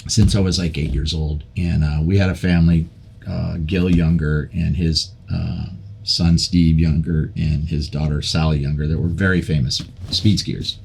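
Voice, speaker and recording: An older man, a podcast guest, telling a long story in a casual, animated way, with many repeats and restarts. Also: very deep voice, moderate pace, vocal fry, a little hiss or hum.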